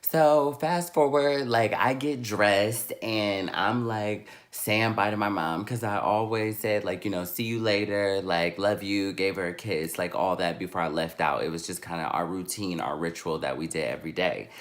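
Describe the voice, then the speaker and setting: A man in his twenties telling a story-time vlog with sassy, animated delivery. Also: low-pitched, moderate pace, hardly any pauses. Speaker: vlogger.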